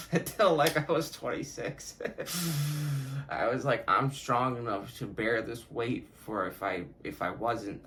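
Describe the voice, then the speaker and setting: A man's voice: lowish voice, a little hiss or hum, poor audio. Profane, reflective young man podcasting. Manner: profane, reflective, laughs often. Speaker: podcast host. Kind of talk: casual solo monologue.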